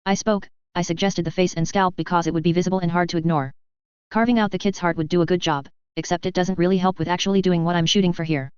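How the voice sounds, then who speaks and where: A woman's voice: fairly low pitch, fairly even intonation, fast, darkish tone, smooth, no echo. A woman narrating a first-person novel as an audiobook, reading steadily. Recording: slightly dull lo-fi.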